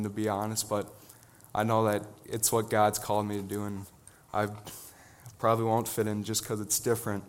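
An earnest teenage boy gives a sermon in a smooth, clean voice that sits fairly low. He talks in an even, level tone with little rise and fall, often stopping and restarting his sentences. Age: teens. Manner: earnest, halting, many restarts. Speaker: student preacher.

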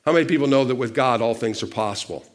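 A man preaching a sermon, asking the congregation questions and calling for responses, with loudness shifting for emphasis. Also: mid-range voice, fast talker. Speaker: pastor.

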